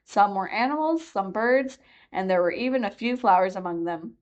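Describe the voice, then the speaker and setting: A woman narrating a classic children's book as a library reader, with an even, clear delivery. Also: mid-range voice, moderate pace, dull audio. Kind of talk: storybook narration.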